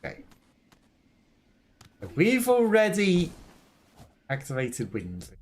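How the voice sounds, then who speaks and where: A man's voice: sits high, wildly swooping pitch, slow pace, a little mellow. Chatty man commentating his gameplay. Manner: rambling, self-mocking, laughs often. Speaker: let's play streamer.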